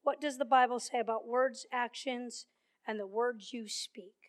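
A woman's voice: fairly high pitch, a little slow. A woman preaching a sermon, telling stories and repeating words for emphasis. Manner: storytelling, emphatic repetition.

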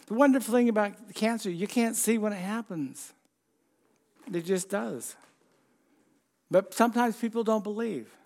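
A man's voice: high voice, darkish tone. A man preaching a sermon in church, talking casually and asking the congregation questions. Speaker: pastor.

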